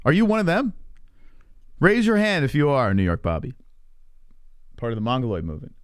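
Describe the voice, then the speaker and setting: A man's voice: mid-range voice, wildly swooping pitch, fairly quick, clean tone, no echo, studio quality. A man hosting a live stream, chatting casually and teasing his chat with lots of swearing. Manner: profane, teasing, rambling with restarts.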